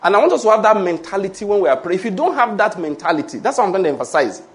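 High-voiced Nigerian pastor preaching. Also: male voice, expressive, very fast. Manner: emphatic, call-and-response with congregation. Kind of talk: sermon.

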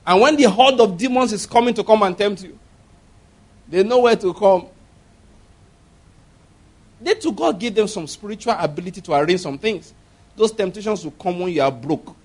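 A man's voice: high-pitched, lively intonation, moderate pace, long pauses. A man preaching a sermon, emphatic and laughing often, acting out little voices as he talks. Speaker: pastor.

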